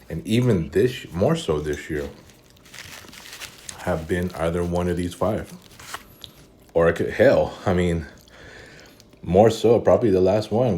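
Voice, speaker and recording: Very deep-voiced weary man vlogging. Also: a little slow, pauses often, mellow, slight background noise. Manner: weary, rambling, many fillers and restarts; eating while talking. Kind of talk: casual vlog monologue.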